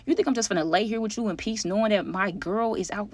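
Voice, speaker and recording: A young woman, telling an animated storytime to her viewers on a close mic. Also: medium pitch, fast talker, no room sound. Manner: animated, addresses viewers as y'all. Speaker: storytime vlogger. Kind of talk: casual storytime.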